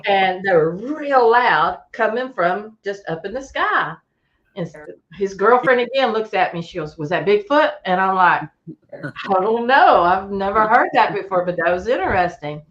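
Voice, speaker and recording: Animated woman telling a campfire story. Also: medium pitch, normal speed, dull audio. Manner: animated storyteller, acts out voices, chuckles often. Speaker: guest telling an encounter story. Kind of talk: casual storytelling on a call-in show.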